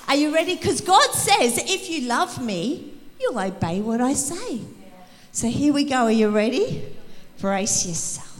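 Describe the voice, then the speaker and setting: High-voiced woman preaching in a reverberant hall. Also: a little hiss or hum. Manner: energetic, rallying, calls for audience response. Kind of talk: sermon to a church youth service. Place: church hall.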